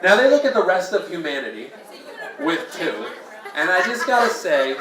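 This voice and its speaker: This comedian's high voice swings a lot in pitch as he talks at a normal speed through a self-deprecating open mic set in a small bar. He banters playfully with listeners, whose laughter fills the echoey recording from a distant room mic.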